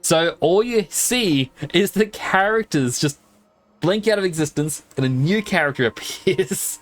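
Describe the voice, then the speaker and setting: A man's voice: fairly high pitch, animated, measured pace, faint music behind. A man streaming a video game, chatting casually and rambling, with frequent laughs. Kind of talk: casual gaming stream chat.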